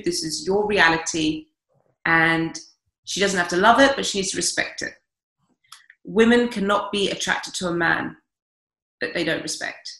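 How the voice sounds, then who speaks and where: Blunt, bright-voiced woman in her forties. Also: mid-range voice. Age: 40s. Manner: blunt, emphatic, swears freely. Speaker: dating coach. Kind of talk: podcast guest giving advice. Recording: echoey room.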